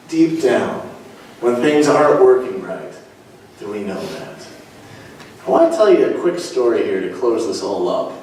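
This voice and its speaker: A pastor delivers his sermon and tells a story, lifting and dropping his voice for the people he quotes. His voice sits a little high for a man. He is captured from a distance, with a strong church echo around him. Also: darkish tone, slight background noise. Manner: storytelling with shifting pitch for quoted characters. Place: church sanctuary. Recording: very echoey church from far off.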